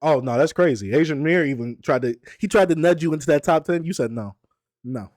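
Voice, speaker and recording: A man's voice: on the high side, a little fast, darkish tone, no echo, studio quality. A man hosting a casual stream chat, laid-back and playfully teasing his chat. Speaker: streamer and host.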